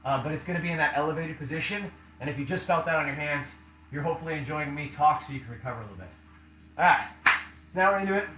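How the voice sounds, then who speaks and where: A man's voice: a little high, racing, echoey room, rough recording. A man coaching a home workout as he does it, counting reps aloud, out of breath, with upbeat cues. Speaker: fitness coach. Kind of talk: guiding a workout while doing it.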